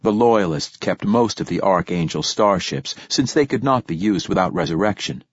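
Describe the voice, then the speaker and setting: A man's voice: deep voice, animated, normal speed, breathy edge, no echo. A man as an earnest short priest. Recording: dull, dry lo-fi recording.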